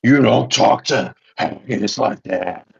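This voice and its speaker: Male player, deadpan goofy lines, mid pitch, muffled lo-fi sound. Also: slow, vocal fry, slightly rough. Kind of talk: in-character banter.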